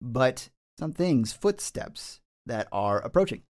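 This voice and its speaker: Male game master, descriptive narration, everyday pitch. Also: very animated, takes it slowly, darkish tone. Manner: descriptive, hesitant with fillers.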